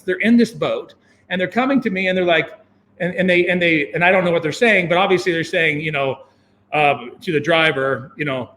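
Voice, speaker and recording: An American man casually telling a long story, acting out his own thoughts in a rambling, animated way. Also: brisk, slight background noise. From United States. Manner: animated, acts out his own past thoughts with sudden jumps in pitch; rambling, with many fillers and restarts.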